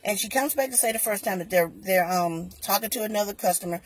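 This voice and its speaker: A woman on her own vlog telling a customer service story in an animated way, acting out both sides of each exchange. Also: medium pitch, quick pace, breathy edge. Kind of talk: storytime vlog, recounting an argument.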